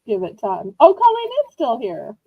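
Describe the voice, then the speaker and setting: Woman auction host, high and lively voice, bubbly rambling sales chat, dry slightly dull home recording. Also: moderate pace, gravelly, breathy edge, no room sound. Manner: bubbly, rambling, self-teasing. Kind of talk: chatty live-stream sales pitch. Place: indoors at home.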